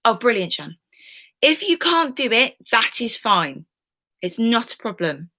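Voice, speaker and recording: A young woman records a history lesson for her pupils at home. Her voice sits a little high and sounds bright and clear. She talks in a chatty, reassuring way and drops in plenty of "um"s. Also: sing-song, unhurried. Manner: warm, reassuring, chatty with fillers. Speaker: history teacher.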